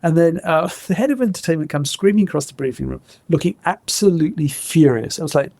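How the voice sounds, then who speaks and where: A middle-aged man tells stories with real energy, laughing along and slipping into the people he quotes. His voice sits a little high with a gravelly fry, recorded dry and close. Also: brisk, dry recording. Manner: lively, laughs often, acts out quotes. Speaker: guest, former innovation head. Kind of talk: animated anecdotal storytelling.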